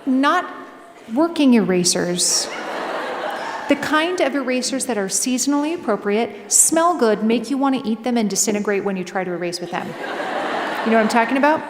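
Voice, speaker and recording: A woman with a Minnesota accent telling comic stories to an audience in a lively, animated way, often laughing through her lines. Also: a little high, moderate pace. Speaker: author speaking at a library event. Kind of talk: humorous live storytelling talk. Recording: reverberant hall with clear background noise.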